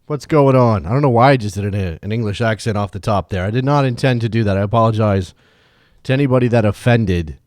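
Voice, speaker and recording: A man's voice: on the low side, quick pace, dry recording, studio quality. A man hosting a casual live stream from home, talking into a microphone with a rambling, self-deprecating manner. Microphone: desk microphone.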